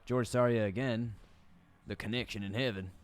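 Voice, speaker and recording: Laid-back male game streamer from the Southern US; low, smooth voice, joking commentary. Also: steady tone, normal speed. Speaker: gaming streamer. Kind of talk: casual gaming commentary.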